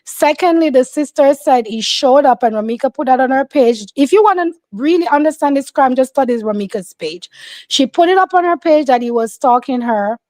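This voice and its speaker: Emphatic, opinionated woman with a high voice. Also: lively intonation, fairly quick, darkish tone, no echo. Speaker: commentator. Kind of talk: casual opinion commentary.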